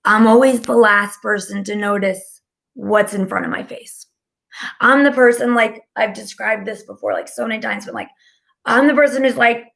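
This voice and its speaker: A woman's voice: mid-range voice, expressive, moderate pace, creaky, fairly bright tone. A woman giving a casual, rambling live-stream talk as a spiritual channeler, filling her speech with "like". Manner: chatty and rambling, heavy use of "like".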